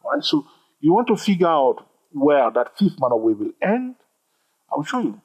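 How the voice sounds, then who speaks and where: A man with a husky voice teaching a trading chart tutorial, animated, repeating himself and joking with viewers. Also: a little high, normal speed, rough recording. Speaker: trading instructor. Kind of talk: screen-recorded chart tutorial.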